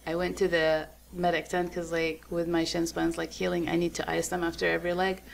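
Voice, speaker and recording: A woman's voice: brisk, vocal fry, a little hiss or hum. Chatty woman telling a running story. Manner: animated storyteller, acts out quotes in a high voice, laughs often. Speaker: guest runner. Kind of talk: casual podcast chat.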